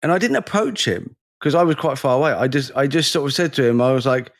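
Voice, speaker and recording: A man, co-hosting a podcast and telling a lively story in casual conversation, acting out the people in it. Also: mid-range voice, fast talker, no echo, clean studio sound. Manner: animated storyteller, acts out the people in his stories. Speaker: podcast co-host.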